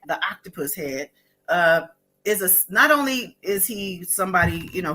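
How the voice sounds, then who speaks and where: A woman hosting a live-stream chat, talking emphatically and building to loud declarations. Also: lowish voice. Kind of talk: casual live-stream commentary.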